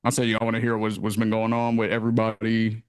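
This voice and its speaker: A man hosting a casual podcast chat, ranting in a profane, animated way. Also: on the low side, fast, clear, resonant tone, no room sound, studio quality. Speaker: podcast host.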